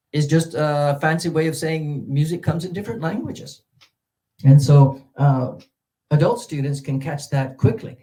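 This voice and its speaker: Middle-aged male teacher trainer, dark warm tone, chatty presenter with fillers. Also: a little high, rough recording. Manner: explanatory, repeats example words, many fillers.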